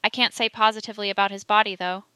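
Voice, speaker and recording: Woman voicing an evasive male witness, terse, bright crisp voice. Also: medium pitch, little pitch movement, very fast, no room sound, close to an everyday voice. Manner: short, guarded answers.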